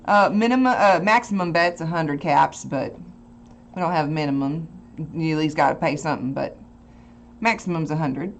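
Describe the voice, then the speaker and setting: A woman narrating a tabletop game as game master, relaxed and folksy, often laughing. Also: low-pitched, moderate pace, creaky, slight background noise.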